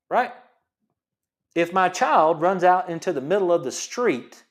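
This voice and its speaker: A middle-aged man with a slightly high-pitched voice holds forth on his own health show. He talks with passion, firing off rhetorical questions and answering them himself. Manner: emphatic, repetitive rhetorical questions. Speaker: chiropractor show host. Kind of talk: passionate monologue.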